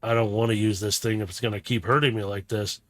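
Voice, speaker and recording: A man's voice: on the low side, little pitch movement, fast talker, dry recording, close to an everyday voice. A man voicing a wary male robot warrior who speaks in grudging, tense outbursts.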